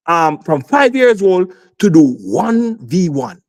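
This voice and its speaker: Insistent high-pitched man arguing. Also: sing-song, slow. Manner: insistent, repeats himself, talks over others. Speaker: sports talk panelist. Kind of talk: heated sports debate.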